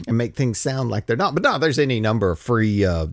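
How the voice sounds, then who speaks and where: A man's voice: mid-range voice, quick pace, hardly any pauses, dry recording, clean studio sound. A man hosting his own podcast, talking casually and restarting his phrases as he goes. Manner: animated, chatty, repeats words when restarting. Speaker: podcast host.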